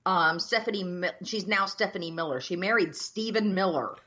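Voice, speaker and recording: A woman's voice: on the low side, normal speed, pushed and bright. A woman co-hosting a podcast, ranting in casual chat and swearing freely. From United States. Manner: profane, ranting. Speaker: podcast co-host.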